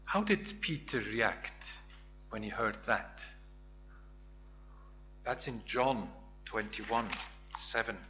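A man's voice: lowish voice, animated, slow, pauses often, pushed and bright, dull audio, faint music behind. A man giving a Bible teaching sermon, retelling scripture in a reflective storytelling way with small restarts. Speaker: preacher.

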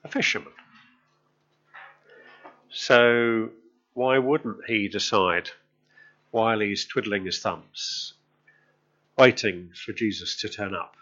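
A man's voice: on the low side, slow, pauses often, fairly bright tone, lo-fi sound. A male preacher telling a story in a sermon, chatting with the congregation and often asking them questions.

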